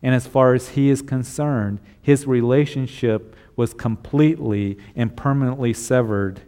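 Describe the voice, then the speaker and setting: A man's voice: mid-range voice, mellow. A middle-aged male pastor preaching a sermon, asking a string of rhetorical questions and acting out the voices he quotes.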